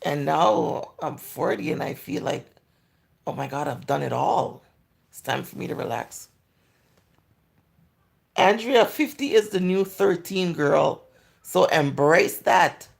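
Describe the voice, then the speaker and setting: A woman in her forties with a Jamaican accent hosts a casual livestream and reads out viewer comments. Her voice carries a heavy gravelly fry throughout, and she talks candidly, drifting into patois as she goes. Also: sits low, lively intonation, slow, pauses often. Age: 40s. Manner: chatty and candid, slipping into patois. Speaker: livestream host. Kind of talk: casual live chat answering viewer comments.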